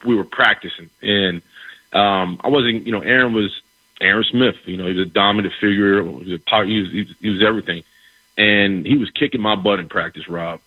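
Husky-voiced man telling a story. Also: fairly low pitch, no echo, phone-quality sound. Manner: animated, repeats words, acts out quoted dialogue. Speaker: former pro football player, guest. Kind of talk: casual storytelling.

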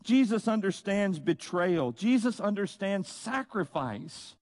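A man preaching a sermon, slow and emphatic, with dramatic pauses and rhetorical questions. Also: high voice, sing-song, a little mellow, dry recording. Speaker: pastor.

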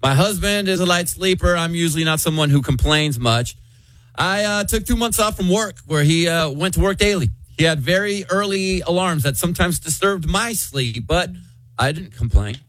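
A man's voice: fairly high pitch, expressive, moderate pace, fairly bright tone, dry recording, rough recording. A man hosting a radio morning show, reading a listener letter and bantering in an easygoing, self-deprecating way.

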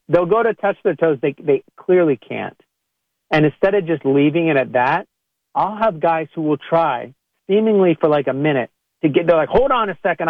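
A man's voice: fairly high pitch, dry recording, phone-quality sound. A man, a chiropractor, speaking to podcast listeners in a conversational monologue and acting out what people say. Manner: conversational, acts out quoted people in a raised voice.

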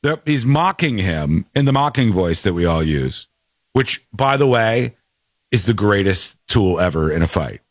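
A man's voice: lowish voice, very animated, a little slow, no room sound. A man hosting a talk radio show, chatting casually and laughing as he mimics people in mocking quotes. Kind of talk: casual on-air commentary.

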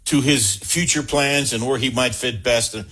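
A man hosting a call-in sports radio show, brisk and joking as he keeps the calls moving. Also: mid-range voice, fairly even intonation, pushed and bright, husky.

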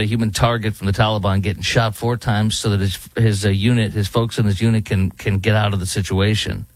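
A man's voice: mid-range voice, no echo. A man hosting a talk show, giving indignant, emphatic commentary with many fillers. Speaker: talk radio host. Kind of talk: opinionated commentary.

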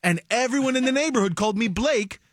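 A man's voice: extremely high pitch, lively intonation, fast talker. A man co-hosting a casual talk show, telling playful family stories and acting out quotes. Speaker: co-host. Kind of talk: casual chat.

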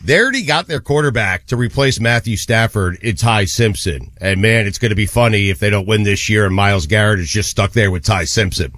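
A man's voice: fairly low pitch, fairly quick, hardly any pauses, a bit bright, no room sound, clean studio sound. A man hosting a sports radio show in a casual talk, drawling and dropping fillers as he goes.

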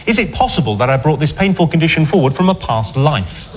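A man doing a sardonic, deadpan stand-up routine. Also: fairly high pitch, quick pace. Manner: dry, sardonic, deadpan delivery. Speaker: stand-up comedian. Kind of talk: stand-up routine reading letters.

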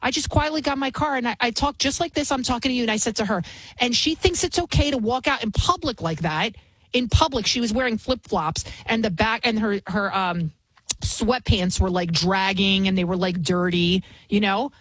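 Female talk-radio host in her forties with a breathy edge; heated, opinionated monologue. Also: on the high side, normal speed, fairly bright tone, no echo, low-quality recording. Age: 40s. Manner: combative, ranting storytelling.

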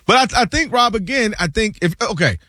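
A man co-hosting a sports radio show, arguing basketball in an animated, interjecting way. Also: sits high, a little fast, no room sound, clean studio sound. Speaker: co-host.

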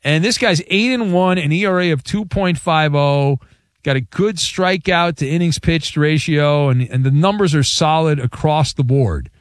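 A man hosting a sports talk radio show, joking with callers and teasing his crew. His voice sits a little high for a man, and the studio mic sounds close and dry with no room around it. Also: moderate pace, no room sound. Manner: wisecracking, playful, mock outrage. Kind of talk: call-in talk radio banter. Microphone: studio broadcast mic.

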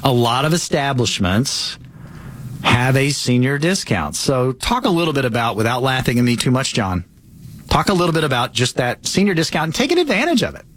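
A man's voice: medium pitch, sing-song, fairly quick, a bit bright. A man in his fifties hosting a financial talk show, chatty and upbeat, poking fun at himself. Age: 50s. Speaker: host.

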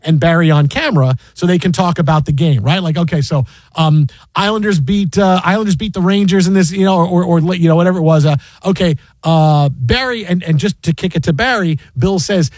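A man hosting a sports radio show from a studio, telling a story in an animated way, acting out quotes and laughing often. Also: a little high, a little fast, dry recording. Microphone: studio microphone.

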